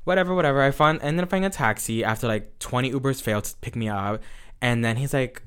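A brash young man spins a messy night-out story in casual chat, cursing freely and springing into loud quoted outbursts. His voice sits at an ordinary middle pitch for a man. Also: fast talker, clear, resonant tone.

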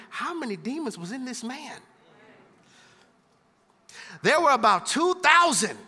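A man's voice: sits high, bright, forceful tone, in a large hall. A man preaching a sermon, reading scripture and riffing on it in casual slang. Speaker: pastor.

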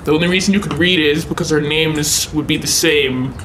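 A man's voice: a little high, brisk, sharp tone, slight background noise. A man bantering through a co-op game, teasing and bossing his partner. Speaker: gamer. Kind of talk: playful co-op gameplay chat.

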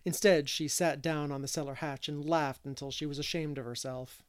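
A man reading a classic novel aloud as an audiobook narrator, measured and expressive. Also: fairly high pitch, clean tone. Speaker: audiobook reader. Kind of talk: storybook narration.

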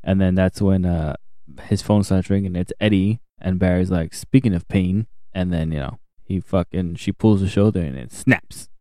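A man's voice: deep voice, normal speed, mellow, no room sound, clean studio sound. A young man co-hosting a podcast, recapping a TV show in casual, crude, joking chat and acting out characters' lines.

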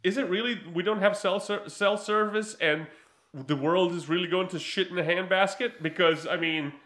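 A high-voiced man chatting casually, telling a story with lively impressions and frequent laughter. His voice rings in an echoey room. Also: moderate pace. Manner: animated storytelling, mimics characters, laughs often. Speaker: podcast co-host reviewing a movie. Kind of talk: casual chat.

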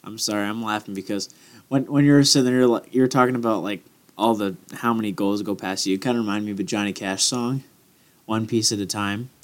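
A man's voice: lowish voice, steady tone, a little fast. Joking man in casual podcast chat. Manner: joking, chatty. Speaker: podcast co-host.

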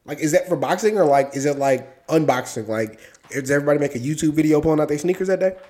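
A man's voice: fairly high pitch, quick pace, dark tone. A man co-hosting a podcast in casual chat, laid-back and joking, rambling with fillers and swearing. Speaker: podcast co-host.

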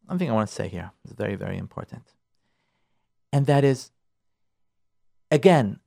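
A man preaching as a rabbi, his voice high and swinging widely in pitch. He repeats himself for emphasis and slips into quick mock voices of nagging spouses. It sounds like a radio talk. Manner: animated, repeats phrases, acts out nagging spouses. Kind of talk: lively sermon on marriage. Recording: radio broadcast.

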